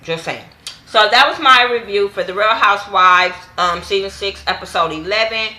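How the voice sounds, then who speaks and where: Young woman vlogger, AAVE speech, blunt and profane, bright forceful tone, casual recap. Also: moderate pace, echoey room. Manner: blunt, cussing, acts out quotes with raised pitch. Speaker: YouTube TV reviewer.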